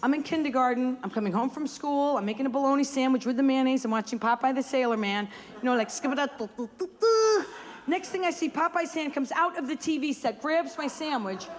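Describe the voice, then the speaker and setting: A woman comedian doing brash, rapid-fire stand-up on a comedy club stage. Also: sits high. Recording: live club recording, loud audience laughter.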